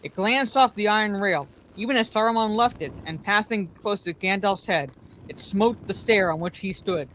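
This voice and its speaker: A woman narrating a fantasy novel aloud as a bedtime story, in a calm, even manner. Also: mid-range voice, normal speed, slight background noise.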